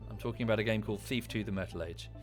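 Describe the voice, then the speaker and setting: A man's voice: fairly low pitch, very fast, faint music behind. Rambling British man streaming a game. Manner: rambling, enthusiastic, swears casually. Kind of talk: casual livestream chat.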